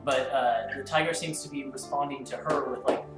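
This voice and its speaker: Low-voiced woman game master. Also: fairly quick. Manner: relaxed, amused, with fillers. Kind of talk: narrating a tabletop game. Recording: echoey room with music behind.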